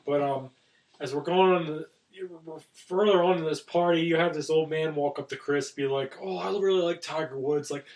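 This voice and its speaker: A man recapping a film's plot on a podcast in an easygoing way. His voice sits slightly higher than average and sounds a bit distant from the mic. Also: normal speed. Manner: relaxed, plot-summarizing, brief interjections. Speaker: podcast co-host. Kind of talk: casual film discussion.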